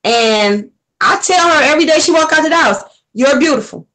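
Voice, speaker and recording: Motherly woman guest, high voice, soothing and reassuring. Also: animated, moderate pace, fairly bright tone, low-quality recording. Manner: soothing and motherly, calls her "baby". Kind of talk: supportive personal conversation.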